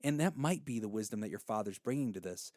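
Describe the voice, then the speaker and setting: A man's voice: on the low side, lively intonation, fast, dark tone, dry recording, clean studio sound. A man in his thirties hosting an advice podcast, telling stories and giving counsel in an earnest, heartfelt way.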